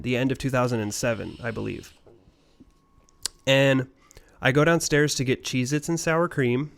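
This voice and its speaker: A man's voice: mid-range voice, a bit bright, smooth. A man co-hosting a casual podcast, telling a rambling ghost story full of swearing. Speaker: podcast co-host.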